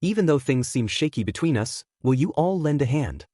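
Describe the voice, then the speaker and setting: A man voicing a stern adult male hero leader in a measured, commanding way. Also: mid-range voice, expressive, dark tone, dry recording, studio quality, natural voice.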